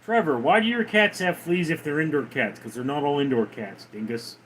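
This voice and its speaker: A man's voice: fairly high pitch, normal speed, a bit bright, slight background noise, rough recording. A man hosting a casual livestream, laid-back as he answers viewers' chat messages one by one. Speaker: livestream host reading chat.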